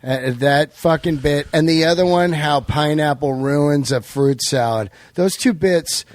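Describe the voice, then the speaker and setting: Chill podcast host dude, cussing, laughs a lot, slightly high voice, dry mic. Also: male voice, no room sound. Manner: laid-back, swearing, quick to laugh. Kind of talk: casual podcast chat.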